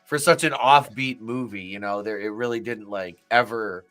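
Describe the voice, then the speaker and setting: A man's voice: on the low side, moderate pace, a bit bright, soft background music. A man co-hosting a movie-review podcast, chatting casually with loose, profane jokes. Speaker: podcast co-host.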